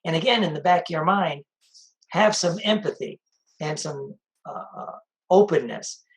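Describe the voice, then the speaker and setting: A sobriety coach offers practical advice in a relaxed, conversational style, circling back to repeat the main points. His mid-range voice is animated and moves at a normal pace, though the recording quality is low.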